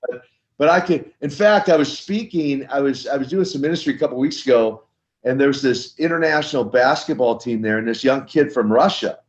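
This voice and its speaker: A man's voice: mid-range voice, brisk. An older man, a former wrestler turned minister, telling stories in an interview and acting out the dialogue as he goes. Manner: animated storyteller acting out dialogue. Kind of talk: storytelling interview. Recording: slightly dull lo-fi sound.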